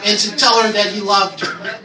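A man sharing a personal testimony in church, telling his story in an animated way and acting out his own prayers. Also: high-pitched, normal speed, crowd noise. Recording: echoey room from far off, noisy ambience.

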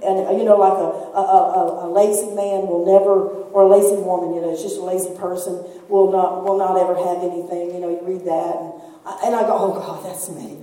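A woman's voice: on the low side, little pitch movement, a little fast, warm tone. A woman preaching a sermon with fervent, emphatic delivery and casual, down-home phrasing. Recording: distant voice in a large echoing hall.

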